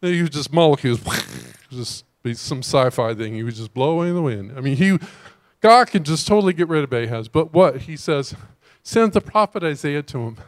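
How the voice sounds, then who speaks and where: A man delivers a sermon in a slightly higher-pitched voice. He talks to the congregation like a friend, then bursts into loud, excited exclamations. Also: normal speed. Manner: animated, conversational preaching with sudden loud exclamations. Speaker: pastor.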